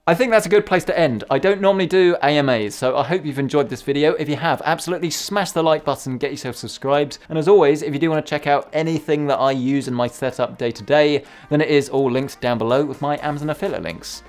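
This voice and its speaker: A man's voice: a little high, quick pace, hardly any pauses. A young man, a tech YouTuber talking casually about his favourite games and music in a chatty, self-mocking way. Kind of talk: casual chat.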